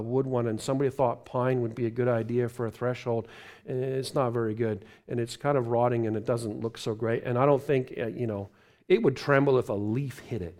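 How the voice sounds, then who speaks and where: A man preaching a live sermon as a guest preacher in a church, swinging between loud proclamation and hushed, pleading intimacy. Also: mid-range voice. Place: church sanctuary.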